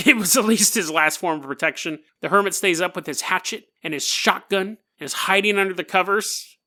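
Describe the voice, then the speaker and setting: A man's voice: sits high, bright, forceful tone. A man hosting a podcast, casually retelling a folk tale with joking, rambling asides. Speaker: podcast host. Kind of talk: casual storytelling.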